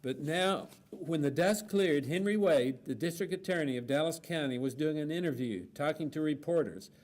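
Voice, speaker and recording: A man moderating a panel, reading an account aloud in a steady, plainspoken way with frequent fillers. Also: on the high side, moderate pace.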